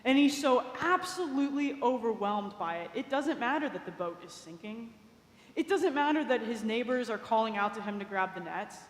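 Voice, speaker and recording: A woman preacher with a slightly high, expressive voice retells a story at normal speed in a conversational sermon, adding small asides. She's in a large cathedral, and the recording echoes with long reverb.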